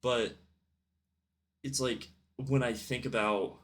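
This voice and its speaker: A man's voice: mid-range voice, fairly even intonation, slow pace, a bit bright, a little hiss or hum. A young man talking through his personal thoughts in a reflective, rambling vlog monologue with many fillers and restarts. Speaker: vlogger.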